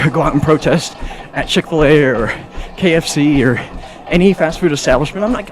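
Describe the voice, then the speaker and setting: A man ranting casually and a bit preachily while gaming on a treadmill. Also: on the high side. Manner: talkative, preachy, rambling; exercising on a treadmill while talking. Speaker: gaming streamer. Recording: music clearly behind.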